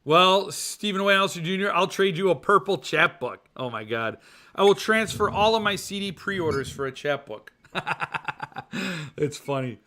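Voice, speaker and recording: A man with a high, animated voice talks at normal speed with a sharp edge. He hosts a casual podcast, rambling, ranting and cracking jokes as he reads out viewer comments, goofing around with mock voices.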